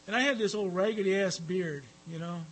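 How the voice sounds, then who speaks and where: A man's voice: sits high, moderate pace, a little hiss or hum, rough recording. A man giving a rambling personal talk at a recovery meeting, with frequent fillers and some profanity.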